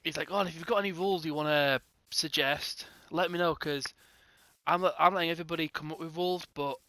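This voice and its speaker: A young man with a bright, somewhat high voice tells a rambling storytime about a gaming server. He slips in and out of quoted dialogue, playing himself and the other players as he goes. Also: fairly even intonation, quick pace, no echo. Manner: rambling, acts out both sides of conversations in quotes. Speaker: gaming channel host. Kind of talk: casual storytime narration.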